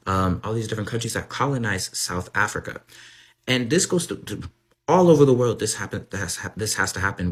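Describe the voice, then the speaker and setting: A man's voice: low voice, slightly rough. A man from the United States with an American accent, lecturing emphatically in a commentary video. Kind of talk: explanatory commentary.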